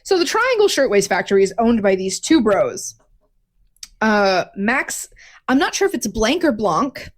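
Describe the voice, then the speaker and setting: A woman co-hosting a podcast in casual chat, telling a story in a lively, profane way with lots of restarts. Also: on the high side, normal speed. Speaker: podcast co-host.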